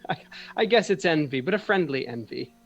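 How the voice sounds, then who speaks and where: A man voicing a gentle, easily overwhelmed young woman, with a hesitant, breathy delivery. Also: fairly high pitch, animated, a little fast, dull audio. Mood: wistful.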